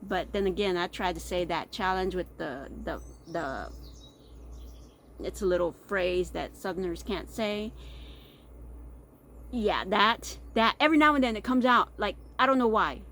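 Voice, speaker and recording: A woman's voice: mid-range voice, measured pace, fairly bright tone, a little hiss or hum. Rambling middle-aged Texan woman. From Texas. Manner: rambling, stumbles over words. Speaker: podcast host. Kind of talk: casual chat.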